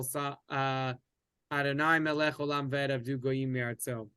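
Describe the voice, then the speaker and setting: A man with a somewhat high voice leads a relaxed Bible class. He talks conversationally, doubling back and restarting sentences and filling pauses as he explains. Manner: conversational, many restarts and fillers. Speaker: teacher.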